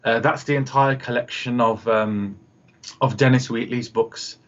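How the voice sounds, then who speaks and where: A man's voice: medium pitch, fairly even intonation, measured pace, lo-fi sound. Rambling man on a video call. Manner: rambling storyteller, acts out quoted voices, many fillers. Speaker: guest, radio host and producer. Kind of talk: casual video call interview.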